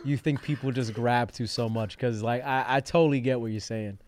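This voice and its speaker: A man hosting a livestream chat, teasing his guests with loud banter and frequent laughter. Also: medium pitch, fairly even intonation, fairly quick. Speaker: stream host. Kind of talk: casual chat.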